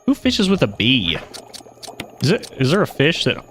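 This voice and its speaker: Animated man narrating his gameplay. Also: medium pitch, moderate pace, faint music behind. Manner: chatty, narrates his own moves, wry asides. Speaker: streamer playing a horror video game. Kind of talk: live gameplay commentary.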